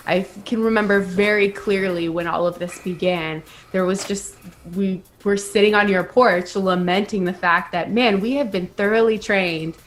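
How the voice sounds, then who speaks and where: A woman's voice: mid-range voice, steady tone, moderate pace, slight background noise. A woman who is a pastor, speaking reflectively and earnestly in a podcast conversation, telling of her experience. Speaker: pastor, guest.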